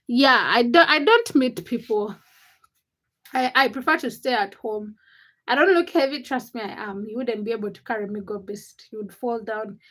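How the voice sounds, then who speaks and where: Ugandan woman, young adult, high voice, live-chat host greeting viewers, playful and self-mocking. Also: fairly bright tone. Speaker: livestream host. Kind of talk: casual livestream chat.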